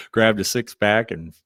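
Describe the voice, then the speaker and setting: A man's voice: on the low side, a bit bright, no echo, studio quality. A man co-hosting a casual music business chat, folksy and rambling with lots of fillers. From Wisconsin. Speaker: co-host. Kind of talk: casual video podcast chat.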